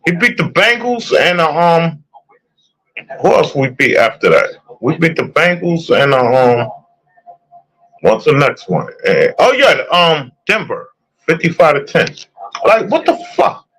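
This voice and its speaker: A young man delivers a heated, profane sports rant, hammering the same points again and again. His voice sits a bit high and swings widely up and down as he talks. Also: big pitch swings, unhurried, fairly bright tone, poor audio. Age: young adult.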